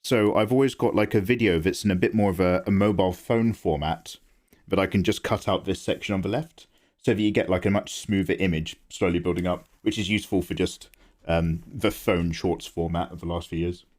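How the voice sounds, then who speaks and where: A man chatting casually to viewers on a live stream while drawing. He gets excited easily and swears freely, speaking into a close microphone. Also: deep voice, fairly quick.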